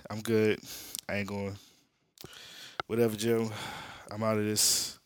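A man's voice: lowish voice, level tone, takes it slowly, no room sound. A man voicing a dismissive, brooding male superhero in slangy street talk.

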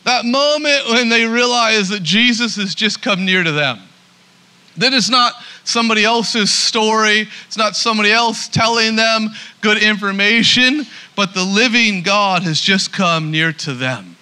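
Male pastor, high tenor, very bright and forceful, emphatic sermon delivery with restarts. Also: measured pace, smooth. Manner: emphatic, repeats words when starting sentences.

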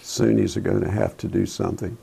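An older man hosting a Christian talk show, earnest and preachy, talking in halting phrases with many restarts. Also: deep voice, steady tone, creaky, mellow, slightly rough. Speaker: Christian radio host. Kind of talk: casual talk about current events.

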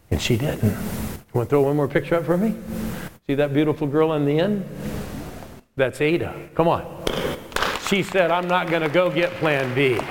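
A middle-aged man preaching a sermon as pastor, animated and rousing, calling out to his congregation. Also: mid-range voice, normal speed, long reverb tail, a little hiss or hum. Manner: animated, rousing, calls on the crowd.

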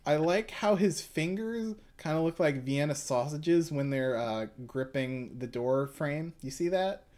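A man's voice: a little high, unhurried, darkish tone. Young male podcast co-host, casual, rambling, filler-heavy. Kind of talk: casual chat and reading a manga aloud.

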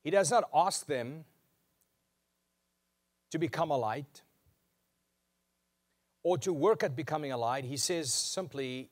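A man with a slightly high voice preaches to his congregation. He drives his points home with emphatic repetition, slowing down on the lines that matter most. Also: lively intonation. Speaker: pastor. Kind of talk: sermon.

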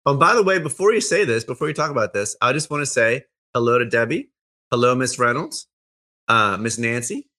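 A man hosting a casual chat, upbeat and chatty, quick to laugh. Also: mid-range voice, expressive, sharp tone. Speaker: host.

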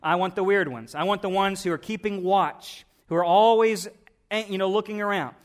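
A man preaching, voicing God as a calm, commanding male deity who gives instructions in a matter-of-fact way. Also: high-pitched, normal speed, close to an everyday voice. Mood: instructing.

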